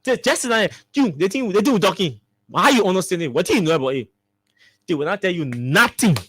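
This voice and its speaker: A man's voice: high-pitched, lively intonation, quick pace, fairly bright tone, breathy edge, no echo, clean studio sound. Emphatic Liberian commentator, man. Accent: Liberian English. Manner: emphatic, fires repeated rhetorical questions. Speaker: talk show host. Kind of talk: political commentary.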